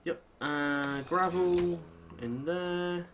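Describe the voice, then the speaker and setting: A man's voice: a little high, extremely slow, a little hiss or hum. Chatty, sweary British young man gaming. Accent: British English. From Britain. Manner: chatty, sweary, excitable outbursts. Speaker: gaming channel host. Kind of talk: casual Let's Play commentary.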